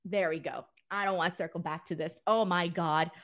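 A woman's voice: lowish voice, a little fast. A woman hosting a casual wrestling live stream, reading viewer messages with lots of laughter, joking and offhand swearing. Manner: laughs often, swears casually, animated and playful. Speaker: wrestling show host.

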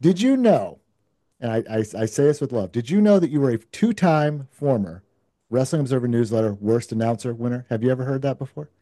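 Mellow middle-aged host with dry sound. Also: male voice, medium pitch, lively intonation, a little fast, no room sound. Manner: hesitant, stumbling restarts before questions. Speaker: podcast host. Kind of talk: casual interview.

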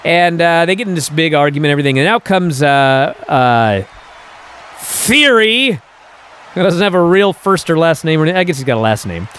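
This male podcast host has a fairly high voice and speaks at a normal speed, with a little hiss or hum in the background. He gives a casual recap, animated and incredulous, peppered with plenty of "uh" and "and so."

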